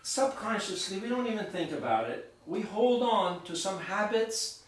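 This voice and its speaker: A man giving an author's talk in a bookshop, telling a story in an animated, chatty way with asides to the audience. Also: high voice, normal speed. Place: bookshop event room. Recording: very echoey room, mic far off.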